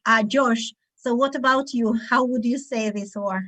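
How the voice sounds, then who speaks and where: Slow, demonstrative woman teaching phonics. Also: a little high, a bit bright, low-quality recording. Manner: slow, demonstrative, acts out sounds. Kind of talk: online teaching webinar. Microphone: video call.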